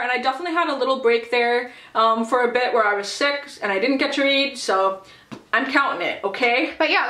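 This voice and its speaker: A woman's voice: high voice, pushed and bright. Chatty young woman, echoey room. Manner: gushing, chatty, many fillers and "like". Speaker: book vlogger. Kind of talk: casual book review vlog.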